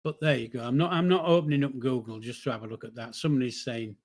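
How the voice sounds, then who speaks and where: An older man hosts a live stream, chatting loosely to his viewers. He rambles and jokes, breaking up his sentences with fillers and restarts. His voice sits at an ordinary pitch for a man. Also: steady tone, quick pace. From northern England. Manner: chatty, rambling, jokey, with frequent fillers and self-corrections. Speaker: livestream host reading chat. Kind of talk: casual live-stream chat.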